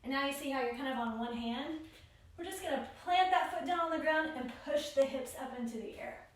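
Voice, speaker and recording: Woman yoga teacher for a guided class, high voice, steady pose-by-pose cueing, miked from a distance in a booming room. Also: brisk. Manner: steady spoken cues for each pose and breath. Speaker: yoga instructor. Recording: very echoey room, voice far from mic.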